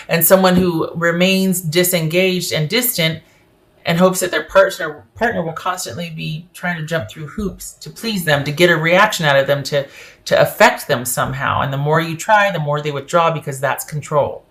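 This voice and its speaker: A woman's voice: sits low, steady tone, moderate pace, a bit bright. A woman giving a casual tarot reading to camera, emphatic and opinionated as she speaks straight to the viewer. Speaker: tarot reader.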